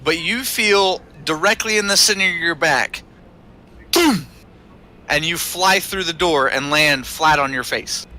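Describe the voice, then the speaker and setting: A man's voice: on the high side, measured pace, sharp tone. A man running a tabletop game as game master, narrating with many hesitations. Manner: hesitant, lots of uh, laughs often.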